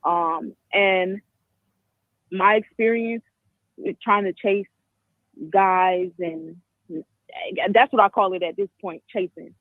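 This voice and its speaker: Caller, woman, 20s, from the Caribbean; frank, halting, lots of restarts; dry phone audio. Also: medium pitch, no room sound. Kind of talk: call-in commentary. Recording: tinny dry phone line.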